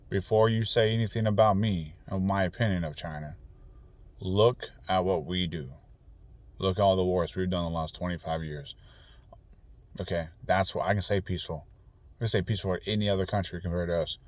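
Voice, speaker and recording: A man's voice: sits low, fairly even intonation, a little fast, dry recording. A man delivering an angry, profane, rambling political rant full of restarts. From United States. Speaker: political commentator. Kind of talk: ranting monologue.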